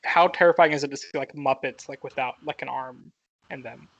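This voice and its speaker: A man's voice: medium pitch, fairly even intonation, fairly quick, vocal fry, fairly bright tone, dry recording, muffled recording. A young man co-hosting a podcast, rambling casually with lots of fillers and frequent laughs. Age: young adult. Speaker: podcast co-host.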